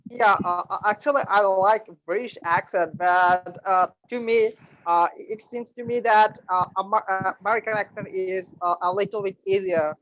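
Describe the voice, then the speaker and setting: High-voiced guy student, halting, lots of pauses, muffled dry call audio. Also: steady tone, a bit bright, dry recording. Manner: hesitant, halting, searching for words. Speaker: student caller. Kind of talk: live class conversation.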